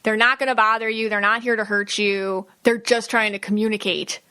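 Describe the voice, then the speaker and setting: A woman's voice: mid-range voice, little pitch movement, a little fast, sharp tone, smooth. A woman hosting her own podcast as a psychic medium, talking casually and at length, full of fillers and restarts, and acting out the people she quotes. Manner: chatty, many fillers and restarts, acts out quotes. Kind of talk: casual solo podcast monologue.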